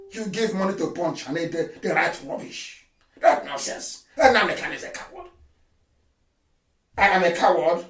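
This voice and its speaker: A man with a Nigerian accent gives an impassioned live address to his followers. He is fiery and scornful, shouts often and slips into Igbo phrases. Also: high-pitched. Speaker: political activist leader addressing followers. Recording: echoey room, speaker far from the mic.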